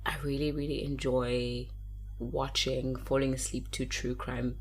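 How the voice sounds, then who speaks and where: A woman's voice: very deep voice, flat delivery, unhurried, a little mellow, slight background noise. A young woman from South Africa co-hosting a casual podcast chat, joking dryly and laughing along. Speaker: podcast co-host.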